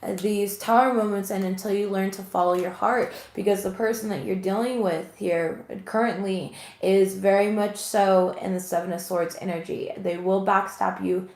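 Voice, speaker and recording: A woman's voice: mid-range voice, fairly even intonation, normal speed, few pauses, a little mellow. A woman in her thirties giving an earnest, emotional tarot reading to viewers. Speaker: tarot reader. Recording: echoey room with faint noise.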